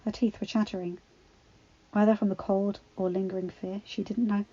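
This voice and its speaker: A woman narrating a fan-fiction story in a steady, expressive reading. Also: medium pitch, normal speed, breathy edge. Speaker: audiobook reader. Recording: dull lo-fi recording with faint music.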